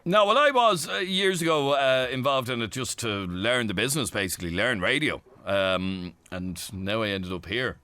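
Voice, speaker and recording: A man with an Irish accent hosting a radio phone-in show, lively and teasing. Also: mid-range voice, normal speed, hardly any pauses. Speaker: radio host.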